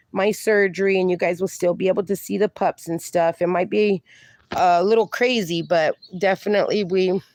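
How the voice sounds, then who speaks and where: A woman's voice: medium pitch, a little mellow, no echo. Lady chatting on her live stream, reading comments out, dry close sound. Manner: chatty, affectionate, calls viewers darling. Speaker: livestream host. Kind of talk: casual live-stream chat, reading viewer comments aloud.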